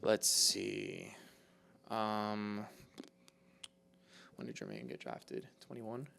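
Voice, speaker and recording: A man co-hosting a casual sports podcast, measured and keeping the talk on track. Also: lowish voice, sing-song, vocal fry, sharp tone. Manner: measured, keeps steering the talk back. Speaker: podcast co-host.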